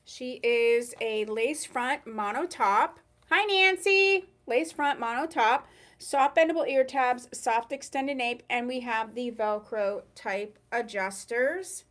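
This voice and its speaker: A woman hosting a live online wig sale, describing products in a chatty, unhurried way. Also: fairly high pitch. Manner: chatty, unhurried, drawn-out pauses. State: hiccuping. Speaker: online wig shop host.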